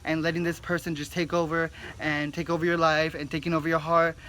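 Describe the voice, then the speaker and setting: A man's voice: a little high, little pitch movement, fairly quick, sharp tone, a little hiss or hum. A young man vlogging to camera, telling a personal story in a rambling, heated way with lots of fillers. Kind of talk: emotional storytime monologue.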